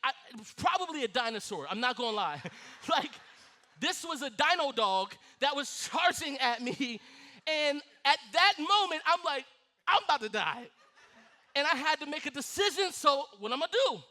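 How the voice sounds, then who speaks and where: High-voiced, animated preacher man. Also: moderate pace. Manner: animated storytelling, laughing and acting out scenes. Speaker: pastor. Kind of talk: sermon.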